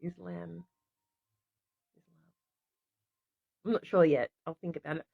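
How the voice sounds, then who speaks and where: A woman's voice: low-pitched, fast talker, slightly rough, dry recording. An Australian woman hosting a casual stream, reading aloud to viewers and often stopping to apologize and restart. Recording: dry, slightly dull lo-fi sound.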